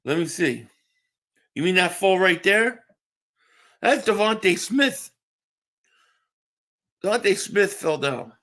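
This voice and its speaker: A man's voice: high-pitched, animated, slow pace, pauses often, pushed and bright. A man hosting a live stream, chatting casually and answering viewers' comments while tired from just waking up. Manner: reads chat aloud and answers viewers, with restarts.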